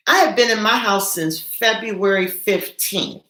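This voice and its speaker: A nurse hosting a live stream from home, speaking earnestly and stumbling over repeated words when upset. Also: female voice, mid-range voice, a little slow, pushed and bright, echoey room. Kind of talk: emotional live-stream talk to viewers.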